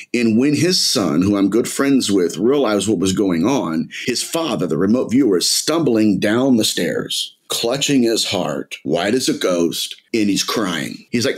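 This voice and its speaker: A man's voice: fairly low pitch, husky. A middle-aged man, a podcast guest, telling an intense story in a dramatic way and calling the listener "my friend". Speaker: podcast guest, demonologist author. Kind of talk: storytelling in an interview.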